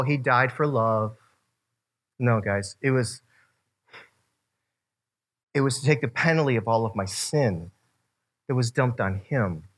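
A man preaching a casual, animated sermon to a youth group, using slang and quoting voices. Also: mid-range voice. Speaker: youth pastor.

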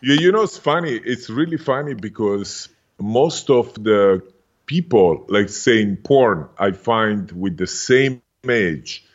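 A man in his fifties from Italy, speaking animated, broken English with an Italian accent as a podcast guest. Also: on the low side, slow pace, muffled recording. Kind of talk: casual interview chat.

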